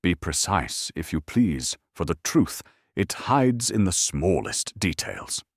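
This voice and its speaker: A fastidious Belgian detective weighs every word, formal and exacting, as a man performs him. The voice sits low but moves expressively through each phrase. It is recorded dry and close. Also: very animated, dry recording, heavily acted. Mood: probing. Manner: measured and exacting, formal address. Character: fastidious Belgian male detective, precise, calm.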